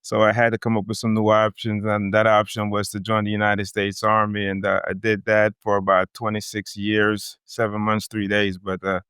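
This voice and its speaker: A man's voice: on the low side, monotone, normal speed, few pauses, fairly bright tone, clear, resonant tone, dry recording, clean studio sound. A man in his fifties from Jamaica with a light Jamaican accent, an easygoing podcast guest who laughs often. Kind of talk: casual interview chat.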